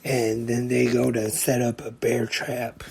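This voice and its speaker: A man's voice: mid-range voice, monotone, gravelly, a little mellow, slightly rough. A man hosting a podcast, retelling a comedy short scene by scene in a plain, casual way. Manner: slow, plain play-by-play retelling. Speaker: podcast host.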